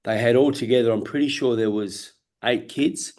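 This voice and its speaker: Mid-range and darkish in tone, at normal speed, the voice belongs to an Australian-accented former world champion boxer in his fifties from Perth. As an interview guest he's candid and earnest about his story, swearing freely and often restarting what he says.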